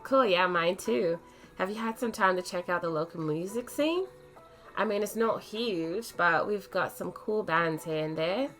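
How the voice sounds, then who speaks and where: A woman with a lowish, unhurried, slightly bright voice performs the lines of a chatty young male metal-band shop owner with an Australian accent. She reads him in a laid-back, friendly, slangy way over soft background music.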